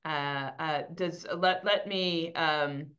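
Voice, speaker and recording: A woman moderating a webinar, speaking in a hesitant, halting way, over dull lo-fi call audio. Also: deep voice, fairly even intonation, a bit bright.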